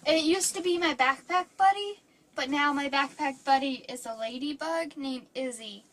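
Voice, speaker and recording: A young college-age woman chatting as a podcast co-host. Her voice sits high and sharp and bright. She rambles with plenty of "like" and "um", slipping into giggles. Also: normal speed. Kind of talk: casual chat.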